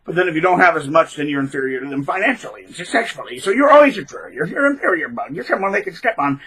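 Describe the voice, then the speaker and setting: A man hosting his own channel, giving rambling, emphatic casual advice, with sudden loud bursts of emphasis. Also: on the high side, very animated, fast talker, husky, poor audio. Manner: rambling, with frequent restarts. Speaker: channel host.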